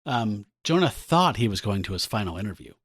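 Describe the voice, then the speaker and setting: A man's voice: on the low side, big pitch swings, brisk, slightly rough, dry recording, clean studio sound. A man co-hosting a casual comic book podcast, recapping panels in a chatty way and laughing often. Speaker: podcast co-host.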